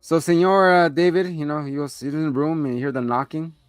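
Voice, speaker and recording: Male podcast host with a higher voice, animated, swears, acts out the characters' lines, dry close sound with faint music under it. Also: a little fast, clear, resonant tone, dry recording. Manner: animated retelling, acting out characters' lines in a raised voice; swears freely. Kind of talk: casual movie recap chat.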